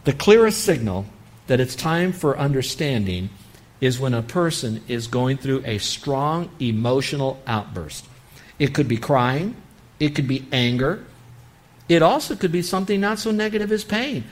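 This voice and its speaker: A man's voice: mid-range voice, lively intonation, normal speed. A man preaching a sermon on parenting, earnestly acting out what a parent might say. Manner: earnest, acts out parent-child dialogue. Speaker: pastor.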